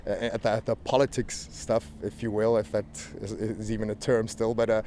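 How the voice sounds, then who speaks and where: A relaxed man with a South African accent softened by American sounds, chatting loosely and laughing between thoughts. He is recorded outdoors, with a faint hum of helicopter and traffic noise behind him. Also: fairly low pitch, brisk. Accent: South African mixed with American. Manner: laid-back, laughs often, rambling restarts. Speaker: professional wrestler guest. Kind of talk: casual interview.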